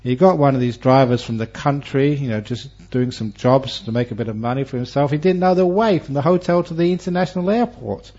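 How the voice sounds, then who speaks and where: Animated male monk giving a Dharma talk. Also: medium pitch, a little fast, hardly any pauses. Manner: animated storyteller with humor and varied delivery. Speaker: Buddhist monk teacher. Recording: dull lo-fi recording.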